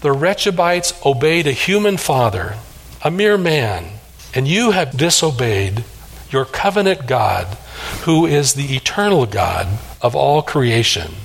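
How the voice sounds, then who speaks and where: A man's voice: medium pitch, sing-song, unhurried, creaky. Earnest male preacher. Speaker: pastor. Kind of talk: expository sermon.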